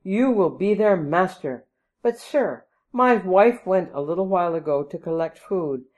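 Calm, courteous male hermit prince for a storybook, read by a woman, formal and gentle. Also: on the low side, a little slow. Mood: glad. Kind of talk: storybook reading.

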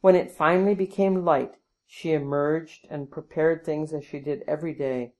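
Woman narrator, storybook reading, measured, even, lower pitch.

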